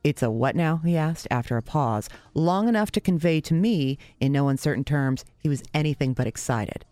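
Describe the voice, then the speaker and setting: A woman telling a personal story in a wry, sarcastic, self-mocking way, with sudden leaps in pitch for emphasis. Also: normal speed, mellow, no echo, soft background music.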